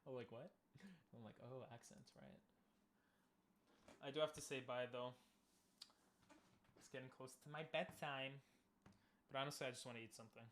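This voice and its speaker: A man's voice: mid-range voice, fairly even intonation, a little fast, long pauses, fairly bright tone, a little hiss or hum. A man streaming, chatting casually and easygoingly with his viewers, laughing often.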